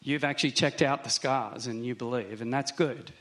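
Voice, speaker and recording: Man preaching in a relaxed, conversational way. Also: medium pitch. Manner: conversational, reflective, with slow emphatic stresses. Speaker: pastor. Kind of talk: sermon.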